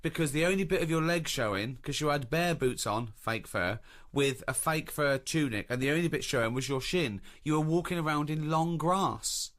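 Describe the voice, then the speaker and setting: A man's voice: fairly high pitch, normal speed, hardly any pauses, fairly bright tone. A man hosting a casual radio chat, teasing and questioning in disbelief. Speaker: radio show host. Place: radio studio.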